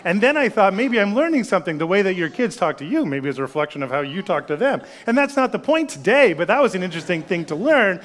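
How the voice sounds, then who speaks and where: Storytelling male pastor, higher voice. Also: sing-song, quick pace, hardly any pauses. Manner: storytelling, conversational, drops to a hush for solemn lines. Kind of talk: sermon.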